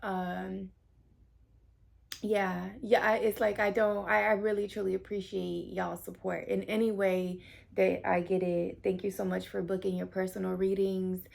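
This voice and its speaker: A woman in her late thirties talks through a tarot reading in a loose, chatty way, with plenty of "um" and "like" and an occasional curse. Her voice has a gravelly edge with vocal fry at a middle pitch. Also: little pitch movement, a little slow, a little mellow. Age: 30s. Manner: chatty, lots of fillers, swears casually. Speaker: tarot reader. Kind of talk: casual tarot reading to camera.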